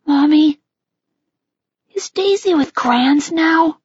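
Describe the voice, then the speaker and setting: A woman voicing a gentle, anxious young boy who asks small pleading questions. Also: high voice, takes it slowly, dry recording, highs cut off, voice pushed up. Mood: pleading, tearful.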